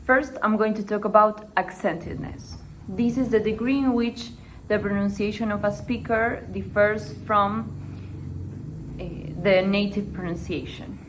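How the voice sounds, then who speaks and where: A woman's voice: medium pitch, measured pace, background noise. A young woman student giving a class presentation for an assignment, hesitant and dotted with "eh" fillers.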